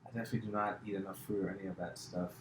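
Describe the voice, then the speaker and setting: Racing along in a deep voice with little pitch movement, a comedian hosting a podcast rambles through casual chat with many fillers and restarts. The echoey room recording carries background noise.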